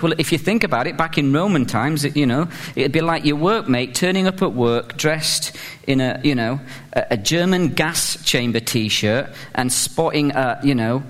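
A man's voice: medium pitch, fairly bright tone, in a large hall. A British man preaching a humorous sermon in a chatty, self-mocking way, full of fillers, building to fervent emphasis. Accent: British English.

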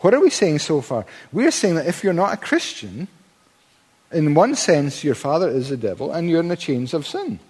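A man's voice: fairly high pitch, very animated, normal speed, a little mellow, husky. A man preaching a sermon in a church, emphatic, building to fervent peaks with stammered restarts. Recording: long hall reverb.

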